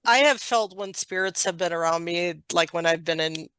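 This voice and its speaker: A woman's voice: lowish voice, moderate pace, a bit bright, clean tone, dry recording. A woman channeler chatting casually after a session, full of laughter and "like" fillers. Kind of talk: casual chat.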